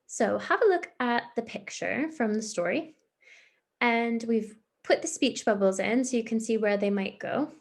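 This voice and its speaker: A woman's voice: fairly high pitch, moderate pace, gravelly. A woman, a primary school teacher giving a recorded online lesson to young children, patient and encouraging as she explains step by step.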